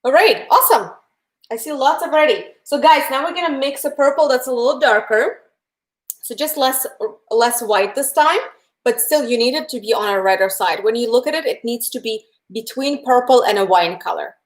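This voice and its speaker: A young woman with a Russian accent leads a live painting tutorial, her voice sitting a little high. She walks viewers through each step in a chatty, friendly way. She speaks to them directly and answers their chat messages as she goes. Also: animated, brisk. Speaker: painting instructor. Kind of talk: live-streamed painting lesson.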